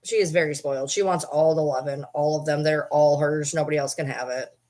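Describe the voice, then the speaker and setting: A woman's voice: sits low, fairly even intonation, a little fast, darkish tone. A woman vlogger chatting casually, telling a story in a blunt, profane way while talking to and handling her dog. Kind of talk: casual chat.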